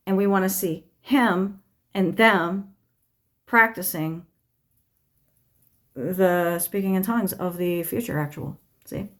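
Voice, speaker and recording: A woman's voice: medium pitch, fairly bright tone. A woman hosting a tarot channel, talking in a rambling, profane, wry solo monologue at home, walking between rooms as she talks. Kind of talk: casual stream-of-consciousness monologue.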